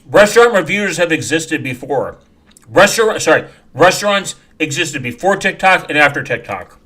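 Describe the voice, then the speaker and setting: A man ranting as he reacts to videos, swearing and mocking, dropping to quiet mumbles and then bursting into loud shouts. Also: on the high side, lively intonation, normal speed. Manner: angry, profane, mocking, breaks into sudden shouts; mumbles quietly while reading comments aloud.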